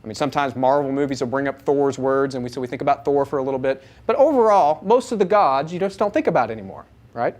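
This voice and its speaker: A man teaching a live audience, animated, asking them many rhetorical questions. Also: medium pitch, quick pace, few pauses. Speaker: Bible teacher.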